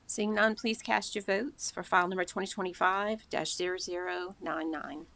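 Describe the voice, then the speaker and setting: A woman chairing a council meeting, reading out agenda items and procedures in a measured, formal way. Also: on the low side, fairly even intonation, vocal fry, a bit bright.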